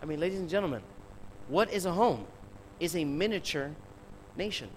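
A man's voice: on the high side, animated, moderate pace, slight background noise, rough recording. A man preaching a sermon who speaks emphatically, peppers his talk with rhetorical questions and addresses the congregation directly.

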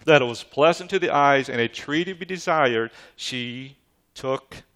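Reading from scripture, a pastor delivers an emphatic sermon and calls out questions for the congregation to answer. He speaks at a measured pace in a medium-pitched, fairly bright voice.

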